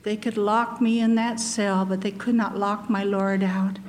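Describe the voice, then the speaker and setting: An older woman giving an earnest testimony sermon, telling her story and slowing down for emphasis. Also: mid-range voice, level tone, a little mellow. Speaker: missionary speaker. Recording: long echo of a large hall.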